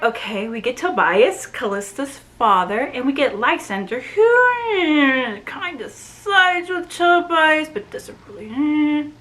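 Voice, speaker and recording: Chatty woman with a higher voice reviewing a book. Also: a bit bright, rough recording. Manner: chatty and enthusiastic, with many fillers. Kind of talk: casual book review recap.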